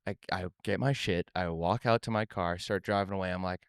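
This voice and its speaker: A man co-hosting a casual podcast, telling an animated story full of swearing and laughs. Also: sits low, brisk, clear, resonant tone, dry recording, clean studio sound. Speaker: podcast co-host.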